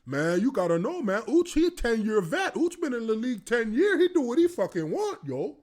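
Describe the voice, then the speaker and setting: A man voicing a brash old-school male football lineman, loud and teasing in slangy talk. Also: very high voice, very animated, fairly quick, voice pushed up.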